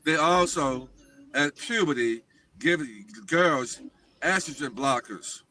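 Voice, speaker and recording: A man's voice: a little high, takes it slowly, bright, forceful tone, a little hiss or hum. A man talking as a guest on a livestream talk show, speaking emphatically and insistently.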